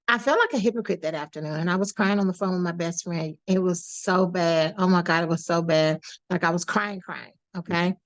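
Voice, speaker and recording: A woman guest on a podcast, telling a personal story in a lively, animated way, acting out the voices of the people she quotes. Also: fairly low pitch. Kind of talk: storytelling in a casual interview.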